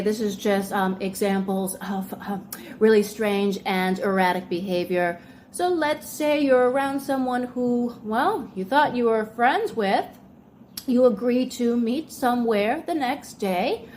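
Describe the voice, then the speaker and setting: A woman's voice: a little high, a little mellow, slight background noise. A woman hosting a video, explaining in a casual, conversational way with many fillers and acting out example lines. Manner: conversational, filler-heavy, acts out example dialogue. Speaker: video host.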